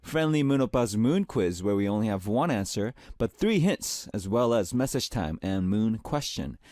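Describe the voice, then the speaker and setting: A man's voice: lowish voice, very animated, moderate pace, darkish tone, no echo. A young man hosting a radio music show, moving from a reflective scripted opening into friendly announcements at a studio microphone.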